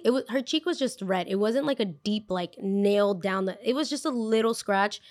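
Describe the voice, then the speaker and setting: Animated young woman telling a story. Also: mid-range voice, normal speed, few pauses. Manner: animated, acts out quotes, lots of "like". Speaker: podcast host. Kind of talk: casual storytelling.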